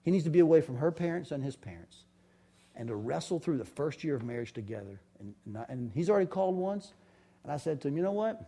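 Middle-aged guy telling family stories, folksy and candid, fairly high but mellow voice. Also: expressive, fast talker, breathy edge. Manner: folksy, candid, chatty with restarts. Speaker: father giving a talk. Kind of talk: storytelling talk.

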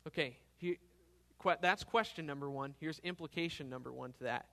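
Man, pastor, fairly high voice, expository sermon, earnest, builds in volume on key lines, conversational asides. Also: brisk, creaky. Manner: earnest, swells louder on key phrases, frequent "okay?" check-ins.

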